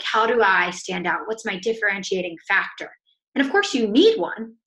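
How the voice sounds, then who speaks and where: A woman with a bright, clear voice, a guest on a podcast. She chats in an upbeat, lively way and acts out the dialogue of her story as she goes. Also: on the high side. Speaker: author and coach, guest. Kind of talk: casual storytelling in a podcast interview.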